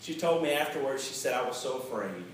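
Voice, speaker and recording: A man preaching a sermon as pastor, emphatic, slowing down to stress the key words. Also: medium pitch, expressive, recorded from a distance, slight background noise. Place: church sanctuary. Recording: very echoey hall, mic set back.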